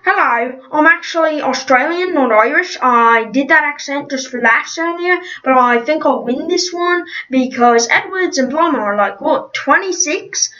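A woman's voice: sits high, sharp tone, far from the mic, lo-fi sound, heavily acted. Woman voicing a cocky Australian racer guy. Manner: cocky, teasing. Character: Australian man contestant, boastful, thirties.

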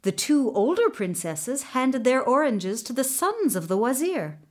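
Woman reading a kids' storybook aloud, slow and sing-songy. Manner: slow, expressive reading with lively pitch. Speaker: audiobook narrator. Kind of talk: storybook narration.

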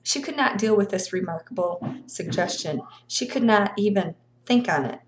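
A woman reading a novel aloud with expressive storytelling. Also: mid-range voice, normal speed. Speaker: reader of a novel.

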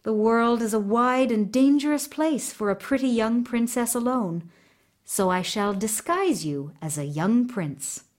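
Brief: woman reading as a calm, grave talking mare from a storybook, wise and protective. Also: a little high, a little slow, lightly acted. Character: wise magical white mare, female, protective.

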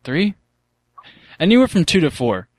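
A man's voice: fairly high pitch, very animated, moderate pace. A young man hosting a podcast, telling crude rambling stories in casual chat and slipping into silly voices. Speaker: podcast host.

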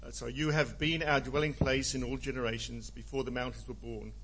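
A man in his seventies reading scripture aloud, halting and apologetic. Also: mid-range voice, fairly even intonation, background noise. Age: 70s. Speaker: scripture reader.

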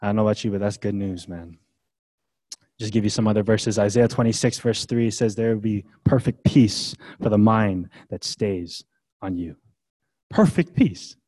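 A man preaching a sermon as a pastor, swinging between hushed, gentle passages and loud, emphatic ones, with casual asides. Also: lowish voice, moderate pace.

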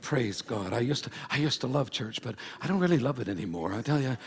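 A man's voice: mid-range voice, expressive, fast, creaky. A man preaching a sermon as pastor at a church service, emphatic and full of repeated phrases. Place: church service before a congregation.

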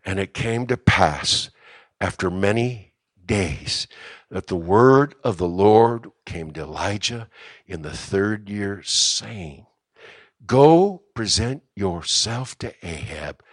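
A middle-aged man preaching a sermon in a church, moving from quiet asides to shouting and joking with the congregation. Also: deep voice, slow, no room sound, studio quality. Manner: jokes with the congregation. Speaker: pastor. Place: church sanctuary.

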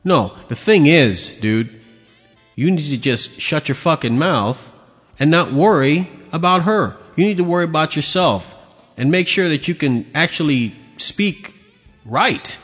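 A man's voice: fairly high pitch, lively intonation, a little slow, a bit bright, breathy edge, soft background music. A man hosting a podcast, ranting angrily and crudely as he comments on video clips. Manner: angry, profane, mocking. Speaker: podcast host. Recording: long hall reverb.

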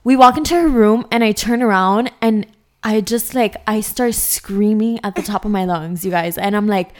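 A young woman co-hosting a podcast, telling a story in a lively, casual way and swearing a lot. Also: medium pitch, normal speed. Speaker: podcast co-host.

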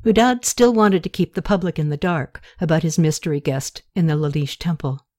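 Woman narrating an audiobook. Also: sits low. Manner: steady, measured storytelling. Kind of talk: scripted narration.

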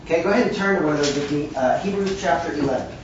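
A preacher delivers an emphatic, conversational sermon full of wry asides, his mid-range voice coming rapid-fire over a noisy background. He's recorded from a distance in a large room, so the sound is very echoey, distant and dull.

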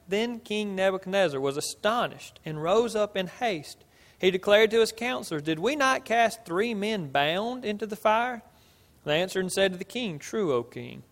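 Pastor, male, high voice, emphatic delivery, loud-soft swings, reverberant hall. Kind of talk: sermon.

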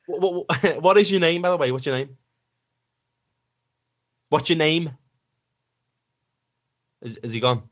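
A man's voice: a little high, animated, a little slow, long pauses, highs cut off. A man hosting a casual radio phone-in, laughing often and swearing bluntly. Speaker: host.

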